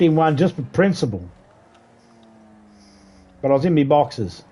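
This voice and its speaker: A man's voice: a little high, lively intonation, a little slow, long pauses, dark tone, slightly rough. Swearing man chatting casually. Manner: profane, rambling storytelling. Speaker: game streamer. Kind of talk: casual chat while gaming.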